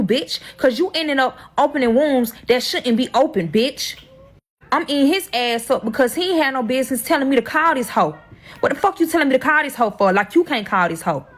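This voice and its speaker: A woman's voice: sits high, fairly bright tone. A woman telling her own drama story in a heated, profane, emotional storytime vlog.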